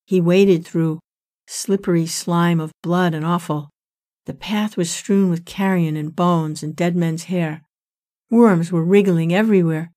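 A woman narrating a retelling of an ancient epic in a measured, solemn reading. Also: on the low side, dark tone. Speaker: storyteller. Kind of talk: scripted narration of a sacred epic.

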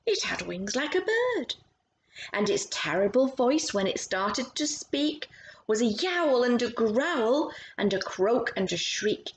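Woman reader for children's storytime, slow and expressive, questions to little listeners. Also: a little high, a little hiss or hum, rough recording. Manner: expressive, asks listeners questions about the pictures. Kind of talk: reading a picture book aloud to children.

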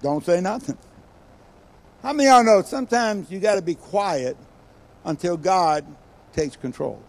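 Animated older preacher, high voice. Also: male voice, moderate pace. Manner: animated storytelling, acts out quoted voices with sudden loud bursts and quiet asides. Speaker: guest preacher. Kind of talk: sermon.

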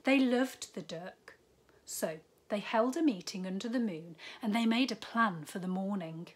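A woman primary school teacher reading a picture book aloud to young children, gently pausing for asides about the pictures. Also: medium pitch, husky.

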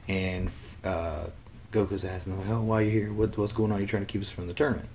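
A man with a deep, low voice talks loosely through a show episode, stopping and restarting with plenty of ums. He sounds a little under the weather. The recording is made on a computer mic and carries a faint hiss. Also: darkish tone. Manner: rambling, many fillers and restarts. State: under the weather, slightly ill. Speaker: channel host. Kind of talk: casual episode discussion. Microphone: computer webcam mic.

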